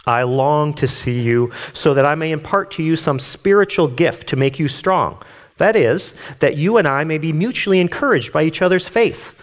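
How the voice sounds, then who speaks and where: A man's voice: fairly high pitch, animated, normal speed. A man reading scripture aloud and explaining it in a casual, earnest way, sometimes getting worked up. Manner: reads scripture then explains it conversationally. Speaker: Bible teacher. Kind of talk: devotional Bible reading and commentary.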